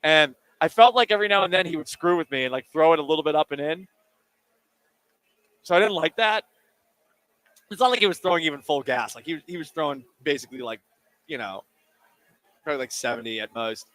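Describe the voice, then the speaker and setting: A man with a higher-pitched voice talks fairly quickly, leaving long pauses, on a dry recording. He hosts a sports radio show from a studio, chatting and joking in an animated way with listeners' call-in questions while eating. It's picked up on a studio microphone.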